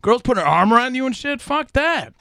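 A man co-hosting a casual chat show, talking in a profane, animated way and acting out quotes. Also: very high voice, a little fast, gravelly, no echo, studio quality. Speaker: podcast co-host. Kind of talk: casual banter.

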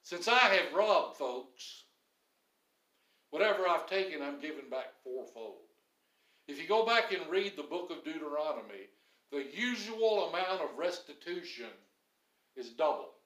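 Guy preaching a sermon, lively, kinda high voice, echoey church room. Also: moderate pace. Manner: animated preaching, voices the grumbling crowd. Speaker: pastor.

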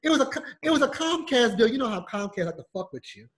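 High-voiced man ranting loudly with profanity. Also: sing-song, fast. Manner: loud, profane storytelling, acting out heated phone rants. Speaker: podcast co-host. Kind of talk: casual podcast chat.

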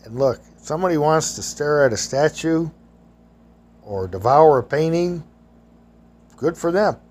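A man's voice: fairly high pitch, animated, unhurried, darkish tone. A man telling rambling, folksy stories from his past in casual, loose grammar. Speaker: storyteller. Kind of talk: rambling personal storytelling.

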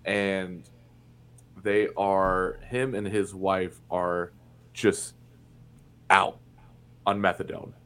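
A man's voice: deep voice, flat delivery, very slow, pauses often, fairly bright tone, smooth. A young man from Indiana, a podcast guest, telling a personal story in a candid, blunt way and swearing freely. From Indiana, USA. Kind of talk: casual storytelling in conversation.

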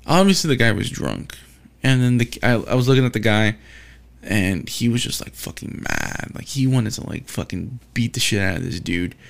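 A man's voice: medium pitch, lively intonation, normal speed, vocal fry. A man talking alone in a casual, rambling monologue, swearing often and restarting his sentences as he rants. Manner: profane, exasperated ranting with frequent restarts.

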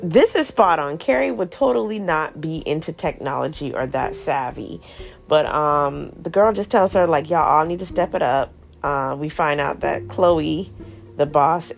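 Sassy woman with a gravelly low voice. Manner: sassy, slangy, animated storytelling. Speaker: podcast host. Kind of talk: casual TV recap chat. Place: podcast studio.

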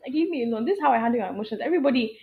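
A woman's voice: fairly high pitch, animated, racing. A woman guest in a casual podcast chat, talking emphatically and laughing often. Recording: tinny phone-like sound.

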